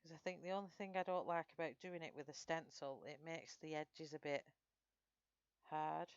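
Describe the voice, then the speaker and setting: A streamer from Northern England, speaking with that region's accent, chats her way through a live colouring tutorial and replies to viewers' comments as she works. Her low voice is clean-toned at a moderate pace, with no room sound but a lo-fi quality.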